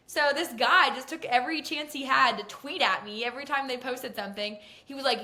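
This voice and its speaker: A young adult woman, a racing pit reporter, telling stories excitedly in a casual podcast chat. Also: high voice. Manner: excitable, fast-talking storyteller.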